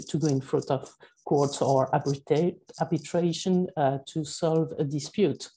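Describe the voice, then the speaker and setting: A woman with a French accent giving a conference presentation, speaking haltingly with many fillers and self-corrections. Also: deep voice, mellow, rough recording. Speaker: panel speaker.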